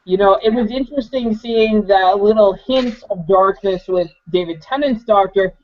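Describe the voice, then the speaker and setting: A man's voice: high-pitched, normal speed, dry recording. A man co-hosting a casual fan podcast, eager and rambling as he tosses out ideas. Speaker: podcast co-host. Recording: muffled lo-fi podcast audio.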